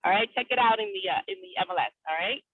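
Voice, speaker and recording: Woman, quick and polite, calling in from her car, thin dry phone sound. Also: mid-range voice, slightly rough, no room sound. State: driving. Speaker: real estate agent on a team call. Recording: tinny dry phone line.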